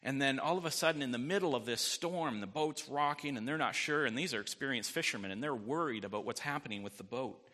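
A man's voice: mid-range voice, fast, few pauses, pushed and bright, long reverb tail. A man preaching a sermon as pastor, in a conversational way, often asking "right?" and adding light jokes.

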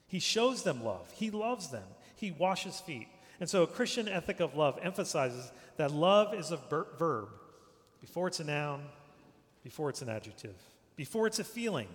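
A man preaching a sermon to a congregation. He speaks emphatically, repeats phrases and often drops to a hushed voice at the end of a line. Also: on the high side. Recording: long reverb of a large hall.

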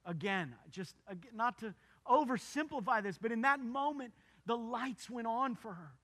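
High, bright-voiced preacher man. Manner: earnest, emphatic, repeating key phrases. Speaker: pastor. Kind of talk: sermon.

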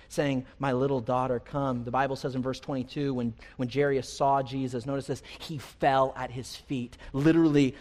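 A man preaching a sermon as pastor, earnest and building intensity through repeated phrases, in a church. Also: mid-range voice. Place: church sanctuary. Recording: long hall reverb.

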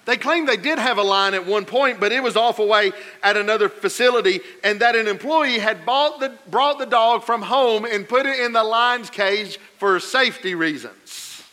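High, bright-voiced preacher, animated. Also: male voice, moderate pace, few pauses. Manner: animated storytelling, swings from loud emphatic to quiet and low. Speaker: pastor. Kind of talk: sermon.

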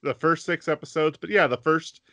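A man's voice: fairly high pitch, normal speed, fairly bright tone, no room sound. A man co-hosting a podcast, explaining at length in casual chat and acting out quoted lines. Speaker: podcast co-host.

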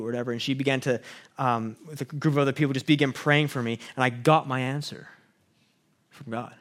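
A man's voice: mid-range voice, quick pace, fairly bright tone. A young man from Canada, a student pastor, telling a personal faith story in an earnest, conversational way with frequent fillers and restarts. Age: young adult. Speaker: pastoral student sharing testimony. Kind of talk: personal testimony talk.

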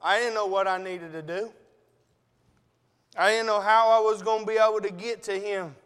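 High-voiced male preacher in a reverberant hall. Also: steady tone, moderate pace, fairly bright tone, clear, resonant tone. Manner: conversational storytelling preaching, addressing the congregation as brethren. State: emotional. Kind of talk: sermon.

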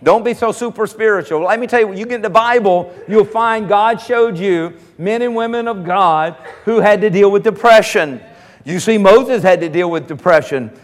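A man preaching a sermon as pastor, slowing down and rising in force when quoting scripture. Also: sits high. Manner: preaching, slows and rises on scripture quotes. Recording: long reverb of a large hall.

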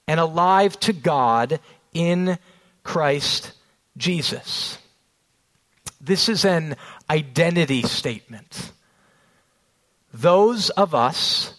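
Man preaching a sermon, higher voice. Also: a bit bright. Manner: storytelling with rising emphasis, slows on key phrases. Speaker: pastor.

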